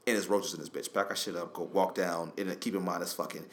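A man with a very low voice and quick delivery, spinning a profane, animated story as a podcast co-host. A faint hiss sits under the recording. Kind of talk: casual storytelling chat.

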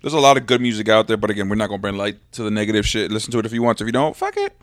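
A loud, brash man, casually boasting and swearing as a podcast co-host. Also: on the low side, big pitch swings, rapid-fire, no room sound, clean studio sound. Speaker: podcast co-host and beat producer.

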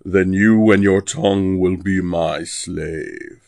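A man's voice: low voice, fairly even intonation, takes it slowly, vocal fry, a little mellow, dry recording, clean studio sound, full character voice. A man voicing a seductive she-demon. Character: seductive female demon posing as a witch.

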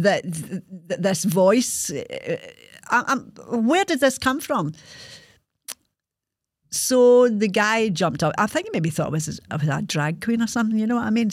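A woman's voice: lowish voice, no echo, clean studio sound. A woman in her sixties with a Scottish accent, hosting a podcast and telling a personal story in a frank, earthy way, swearing freely. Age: 60s. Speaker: podcast host.

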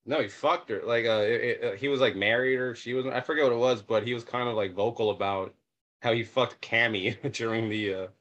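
A man's voice: mid-range voice, fairly quick, muffled recording. A man with a mid-range voice talks casually and easily, filling his sentences with "like" and "uh." He swears offhandedly and laughs along with the conversation. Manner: relaxed, filler-heavy, swears, laughs along. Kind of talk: casual chat.

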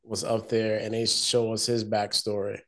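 A man co-hosting a casual movie review podcast, talking in a relaxed, slangy way with lots of fillers. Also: on the low side, moderate pace. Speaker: podcast co-host.

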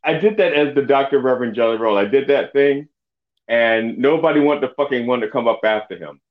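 Swearing comedian rambling on a dull line. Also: male voice, medium pitch, fairly quick. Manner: rambling storyteller, swears freely, many restarts. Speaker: comedian guest. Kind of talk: casual podcast chat.

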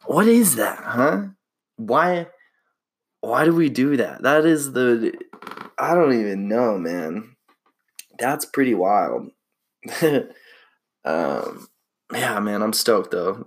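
A young man talks through a relaxed solo podcast, his voice sitting low with a gravelly fry. He is easygoing and slangy, musing on his own life in a loose, reflective way. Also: slow, pauses often. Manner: laid-back and slangy, reflective. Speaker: podcast host. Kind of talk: casual solo podcast monologue.

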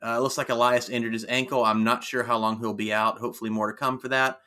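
A man co-hosting a casual podcast, recapping wrestling with quick jokey asides. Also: medium pitch, flat delivery, sharp tone. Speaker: podcast co-host.

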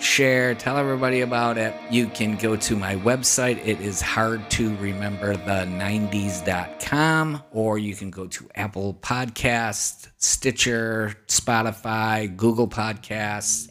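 A man hosting a podcast, telling a story in animated, casual fashion with frequent swearing. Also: lowish voice, a little slow, hardly any pauses, faint music behind. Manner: animated, swears freely, hushes for quoted whispers. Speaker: podcast host.

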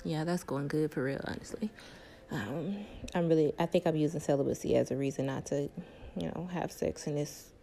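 A woman's voice: fairly low pitch, warm tone. A young woman, talking candidly and emphatically to her viewers about her love life and self-worth, repeating points for stress. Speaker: vlogger.

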